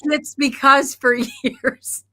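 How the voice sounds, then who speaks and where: A woman's voice: sits high, level tone, drawn-out words, pushed and bright. A middle-aged woman hosting a podcast, chatting casually and laughing often as she tells stories. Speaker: podcast host. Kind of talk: casual chat.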